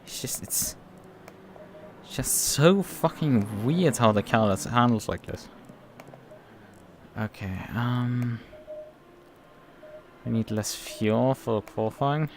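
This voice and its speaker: A man's voice: medium pitch, takes it slowly, long pauses, slight background noise. A man giving live commentary on his own racing, talking to himself, frustrated and swearing often. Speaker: sim racing streamer. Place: home racing rig. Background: music.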